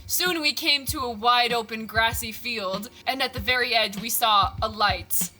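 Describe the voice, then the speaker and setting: A woman's voice: fairly high pitch, normal speed, sharp tone. Self-mocking young woman reading aloud. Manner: laughs at herself, self-mocking, breaks off mid-line. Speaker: host reading her old fanfiction. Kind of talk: comedic read-aloud with commentary. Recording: music playing underneath.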